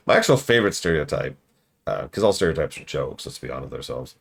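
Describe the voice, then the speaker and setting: A man streaming a game review, rambling through jokey riffs with deadpan asides. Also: rumbling low, fairly quick, vocal fry, breathy edge. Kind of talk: casual livestream commentary.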